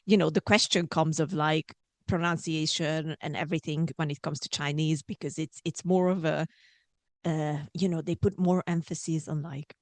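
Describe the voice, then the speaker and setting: A woman host asks her questions with lots of hesitation, fillers and restarts. Her voice is a bit low, and the recording is dry and close, with no room sound. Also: steady tone, moderate pace, dry recording. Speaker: podcast host. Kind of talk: casual interview chat.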